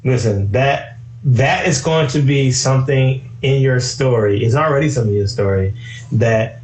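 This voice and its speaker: A man hosting a casual live-stream interview, relaxed and chatty, often saying "you know" and "man". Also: mid-range voice, normal speed, roomy sound, low-quality recording. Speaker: host.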